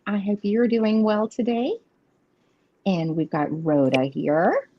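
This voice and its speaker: A woman's voice: mid-range voice, expressive, slow pace, slight background noise. A woman, hosting a live reading stream in casual, rambling chat and laughing often. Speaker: host of live tarot readings. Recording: dull lo-fi stream audio.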